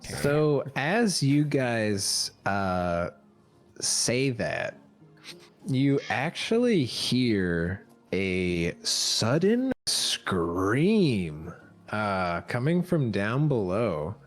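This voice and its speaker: A man's voice: on the low side, sing-song, faint music behind. A man running a tabletop game as dungeon master, narrating and playing characters with many fillers and restarts. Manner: slow, hesitant, with many fillers.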